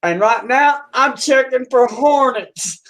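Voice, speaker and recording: A literal-minded young hillbilly, put on by a man telling a joke, speaking in a raised voice and dragging out his words. The voice is slow and flat, with no sense of the joke. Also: very high voice, pitched above the performer's own voice, full character voice. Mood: matter-of-fact.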